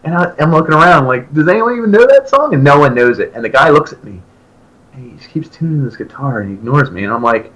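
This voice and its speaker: A man in his thirties, a podcast co-host, telling a long story in casual chat and acting out his own excited remarks. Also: mid-range voice, quick pace, poor audio. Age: 30s. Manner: animated, jumps into loud excited quoted voices.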